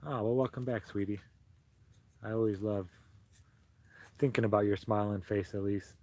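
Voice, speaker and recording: A soft-spoken, sentimental man hosting a casual livestream chat while he crochets and greets his viewers fondly. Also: on the low side, fairly even intonation, normal speed, dry recording. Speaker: livestream host.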